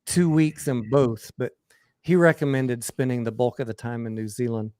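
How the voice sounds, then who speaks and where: A man co-hosting a livestream, telling relaxed stories in casual chat with filler words. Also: medium pitch, normal speed, clean tone, dry recording, studio quality. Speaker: livestream co-host.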